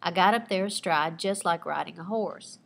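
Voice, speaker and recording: A woman teacher reading aloud her own personal narrative with lively expression, pausing to point out the writing techniques she used. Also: fairly low pitch, vocal fry. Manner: expressive storytelling with asides pointing out figurative language.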